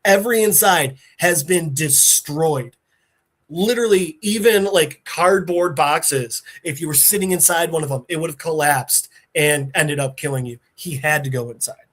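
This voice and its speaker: A man hosting a podcast, recapping a story in a casual, animated and profane way. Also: a little high, normal speed. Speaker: podcast host.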